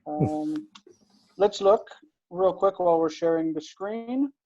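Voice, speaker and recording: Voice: medium pitch, slow, dark tone. Teacher going thru hebrew verbs on a video call, patient, lots of ums, kinda muffled audio. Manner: patient, explains with many fillers and restarts. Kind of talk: online grammar lesson.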